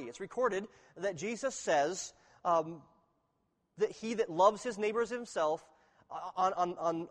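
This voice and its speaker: A man preaching an expository sermon, teaching earnestly and reading scripture aloud with emphasis. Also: sits high. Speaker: pastor. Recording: reverberant hall.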